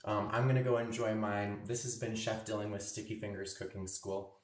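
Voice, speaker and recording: A man's voice: lowish voice, flat delivery, fairly quick. A man teaching a live cooking demo for kids, cheerful and chatty, tasting food as he talks. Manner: cheerful, chatty, tastes food while talking. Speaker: cooking instructor. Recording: roomy echo, mic at a distance.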